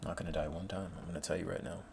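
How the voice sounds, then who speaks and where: A man's voice: low voice, fairly even intonation, racing, vocal fry, background noise. A man chatting casually at home while studying and gaming, rambling with self-mocking asides. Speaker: vlogger studying for an exam.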